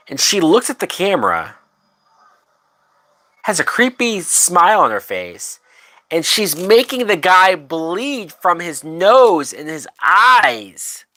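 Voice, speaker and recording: Male streamer, drunk and unhurried, rambling profane commentary that trails off mid-thought. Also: on the high side, bright, forceful tone. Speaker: livestream host. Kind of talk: casual livestream movie commentary.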